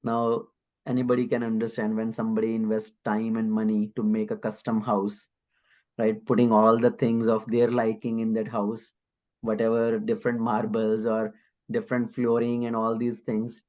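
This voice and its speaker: A man giving a sermon and telling an illustrative story in an explanatory, animated way. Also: medium pitch, low-quality recording. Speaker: spiritual teacher.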